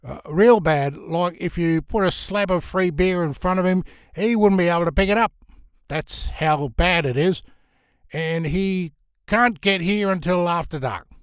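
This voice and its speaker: A man's voice: fairly high pitch, a little slow, no echo, clean studio sound, pitched above the performer's own voice, natural voice. A man voicing a bumbling male servant of a vampire who stammers and fakes a cheerful accent. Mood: flustered. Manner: flustered, stammering, over-eager.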